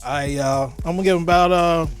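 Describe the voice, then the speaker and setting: A man, chatting excitedly to viewers while barbecuing wings outdoors in the cold. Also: a little high, racing, soft background music. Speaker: home barbecue cook. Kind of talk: casual cooking vlog. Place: outdoors by a smoker in winter.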